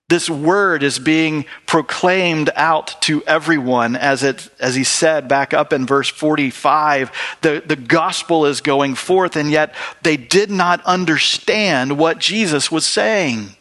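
A man's voice: fairly high pitch, slow, hardly any pauses, sharp tone. A man preaching a sermon in an earnest way, reading scripture and acting out the people in it. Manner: earnest, acts out quoted voices.

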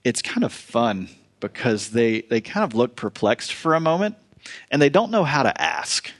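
A man's voice: medium pitch, big pitch swings, normal speed. A middle-aged man preaching a sermon in a folksy manner, with playful asides to the congregation. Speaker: pastor.

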